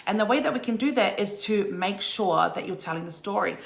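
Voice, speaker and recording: A woman's voice: mid-range voice, a little fast, vocal fry, echoey room. A woman giving a live online singing lesson in an upbeat way, often checking in with her listeners. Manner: upbeat, checks in with "okay?" and "right?". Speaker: singing teacher.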